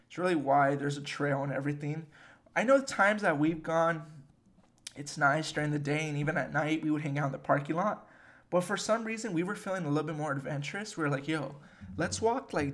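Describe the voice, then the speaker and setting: A young man telling a story in casual chat, animated and swearing, with many fillers. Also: on the high side. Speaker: podcast host.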